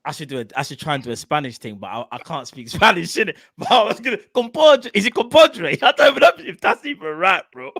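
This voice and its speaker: Animated man, slangy, dry sound. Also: on the high side, fast talker, vocal fry, hardly any pauses, dry recording. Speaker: football podcast co-host. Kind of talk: casual chat.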